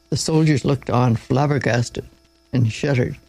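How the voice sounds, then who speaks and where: A man reads a Bible story aloud in a loose, informal manner, stumbling now and then and correcting himself. His voice is a bit high for a man, with a gravelly edge. The sound is dry and close, with faint music underneath. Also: moderate pace, darkish tone, no room sound, low-quality recording. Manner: informal, with slips and asides.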